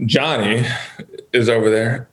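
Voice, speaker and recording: Guy athlete on a podcast, mid-pitch voice, relaxed, laughs along. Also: measured pace, husky, poor audio. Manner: easygoing, laughs along, storytelling. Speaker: guest, pro football player. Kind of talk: casual podcast interview.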